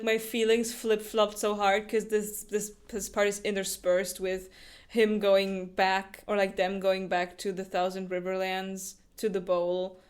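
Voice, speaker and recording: A woman co-hosting a book club podcast, chatting casually and acting out characters' lines with frequent laughter. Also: medium pitch. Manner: animated, acts out characters' lines, laughs often.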